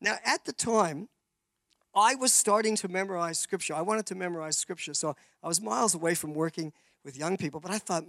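A man's voice: a little high, brisk, a bit bright, no echo. A man from Canada, giving a rambling testimony sermon full of restarts and acted-out voices.

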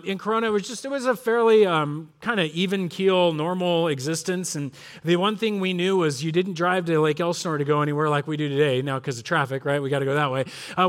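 A middle-aged male pastor from Southern California preaching a sermon, telling stories and acting out family members' voices. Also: a little high. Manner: storytelling, animated, acts out voices of family.

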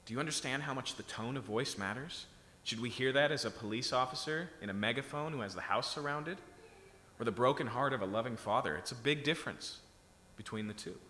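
Bright-voiced male preacher in an echoey hall. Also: medium pitch, a little fast, slight background noise. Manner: conversational, often checks in with "okay?". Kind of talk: sermon.

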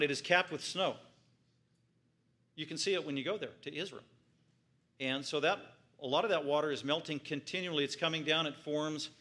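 A male pastor preaches a sermon emphatically, repeating phrases for stress and swinging between loud peaks and quiet low stretches.

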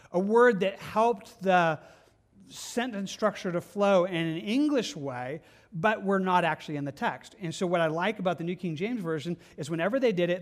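A man preaching a conversational sermon as pastor, earnest and plainspoken, often asking his listeners questions. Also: high voice.

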